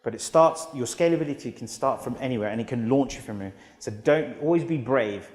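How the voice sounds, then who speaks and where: A British man in his thirties giving an energetic motivational keynote in a large auditorium, telling stories with acted-out quotes. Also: medium pitch, quick pace. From United Kingdom. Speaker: motivational speaker. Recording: long hall reverb.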